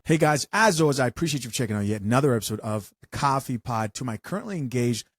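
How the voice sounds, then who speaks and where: Brisk male podcast host doing an ad read. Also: mid-range voice, animated, dry recording, clean studio sound. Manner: brisk promotional delivery. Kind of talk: scripted sponsor read.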